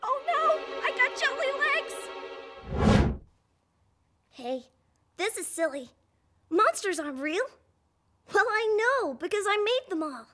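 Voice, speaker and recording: A woman doing an excitable little boy puppet. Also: very high-pitched, slow pace, long pauses, soft background music, heavily acted. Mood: reassuring. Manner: excitable, chatty, talks to viewer directly. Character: playful little boy puppet, pre-school vlogger. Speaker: puppet show host. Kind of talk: children's puppet show.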